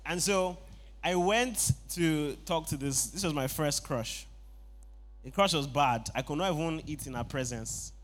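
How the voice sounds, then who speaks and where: A young man preaching a sermon, asking the congregation for answers and building up to loud shouted passages. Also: fairly high pitch, unhurried. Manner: call-and-response, rising to shouts.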